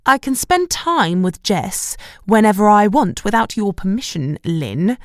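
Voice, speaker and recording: A woman's voice: medium pitch, sing-song, a little slow, no room sound, studio quality. A woman reading an audiobook, voicing an easily offended middle-aged mother who speaks in a clipped, affronted way.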